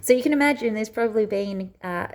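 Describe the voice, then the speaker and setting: Speaking quickly in a mid-range voice, a woman who hosts her own spiritual video channel tells a personal story to camera. She's chatty and rambling, drifting off track with frequent hesitations and restarts.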